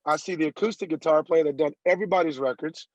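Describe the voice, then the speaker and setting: A man guests on a casual interview podcast and tells his story in an animated way, acting out the people he quotes. His voice sits a touch high. The sound is dull and lo-fi, with a dry, close feel. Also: fast, no echo. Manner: animated storyteller who acts out quoted dialogue. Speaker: guest, country singer.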